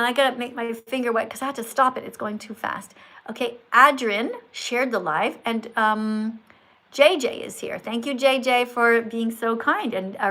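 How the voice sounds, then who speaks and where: High bright woman running a live stream, talks like a strict schoolteacher. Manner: schoolteacher tone, correcting and praising. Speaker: livestream host. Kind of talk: live-stream chat with viewers.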